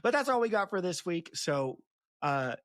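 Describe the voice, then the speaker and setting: A woman's voice: fairly low pitch, very animated, moderate pace, no echo. A woman with a Southern US accent hosting a podcast, chatting casually and laughing often, with many fillers. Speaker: podcast host. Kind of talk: casual chat.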